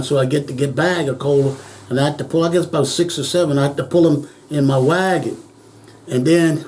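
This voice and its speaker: Older man telling lively stories, high voice. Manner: animated storyteller acting out quoted voices, chuckling often. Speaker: interviewee. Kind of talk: oral history storytelling.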